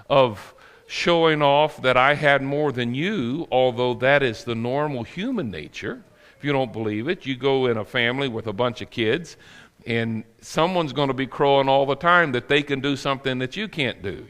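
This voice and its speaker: A man's voice: mid-range voice, fairly bright tone, big-room sound. A male preacher giving a sermon with folksy, humorous storytelling. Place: church sanctuary.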